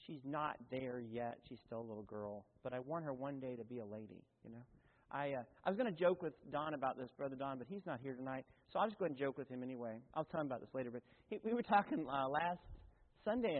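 A man's voice: mid-range voice, animated, quick pace. A man preaching a sermon as pastor, in a folksy, conversational way with asides and self-corrections. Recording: tinny, phone-like sound in a long-echoing hall.

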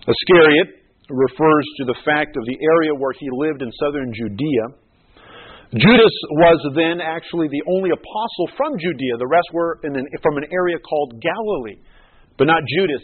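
A man preaching a sermon, emphatic, repeating key words and slowing down to stress them. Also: on the high side, animated, husky. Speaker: pastor. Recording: tinny phone-like radio broadcast.

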